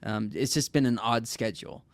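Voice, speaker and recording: A man's voice: medium pitch, normal speed, no room sound. A man, a podcast guest, talking casually in a rambling way full of "like". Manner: rambling, many "like" fillers. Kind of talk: casual conversation.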